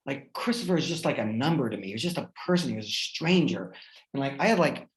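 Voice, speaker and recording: A man's voice: medium pitch, lively intonation, fast talker. A man hosting a chat, telling a personal story in an earnest, heartfelt way with lots of fillers. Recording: roomy echo.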